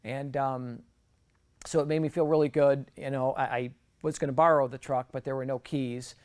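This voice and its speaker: A man's voice: mid-range voice, steady tone, moderate pace, a little mellow. A middle-aged man giving an earnest, conversational personal testimony as a guest speaker, often restarting his sentences.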